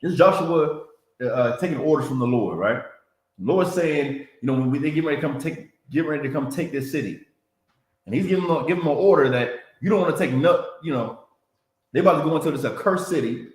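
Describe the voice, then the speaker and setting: A man's voice: fairly high pitch, a little fast. A man teaching a Bible class in a preaching style, repeating himself and checking in with "you understand?" and "man.". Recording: roomy echo.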